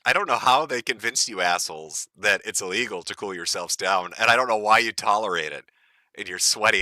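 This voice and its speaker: A man's voice: lowish voice, bright, forceful tone, no echo, clean studio sound. A man from the United States hosting a live stream, ranting in a profane, mocking and gleeful way. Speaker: stream host.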